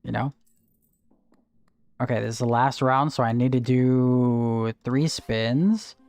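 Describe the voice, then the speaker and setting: A man of medium pitch takes his time, his tone darkish and the recording dry. Streaming gameplay live, this Texan with no regional accent chats casually, answers his chat, and counts out spins.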